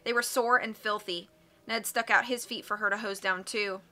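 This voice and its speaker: A woman reading a mystery novel aloud with clear, steady storytelling. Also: medium pitch, moderate pace. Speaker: audiobook reader.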